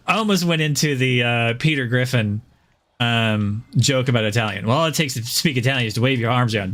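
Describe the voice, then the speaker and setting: A fairly quick, slightly bright mid-range voice belongs to a man from the Southern United States who has no Southern accent. Casually chatting on a game stream, he rambles, chuckles frequently and uses many fillers.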